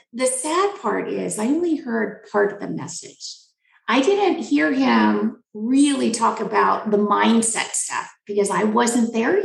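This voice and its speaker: A woman's voice: fairly high pitch, vocal fry. A middle-aged woman physician, a guest in an interview, frankly and emphatically telling a personal story. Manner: frank, animated, emphatic repetition. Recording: roomy echo.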